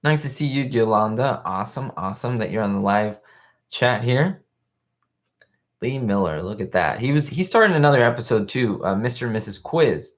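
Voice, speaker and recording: On a webcam live stream, a young male show host chats in a rambling, casual way and reads out comments from viewers. His voice sits at medium pitch, animated and moderately paced.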